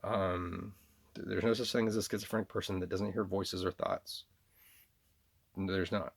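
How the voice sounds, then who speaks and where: A man's voice: low voice, flat delivery, moderate pace, vocal fry. A man vlogging in a rambling monologue, full of restarts and repeated words.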